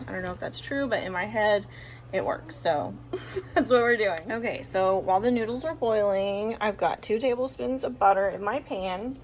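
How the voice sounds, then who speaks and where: A woman casually chatting through a home cooking vlog in her kitchen, relaxed and joking, with plenty of ums. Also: on the high side, normal speed, a little hiss or hum. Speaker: cooking vlogger.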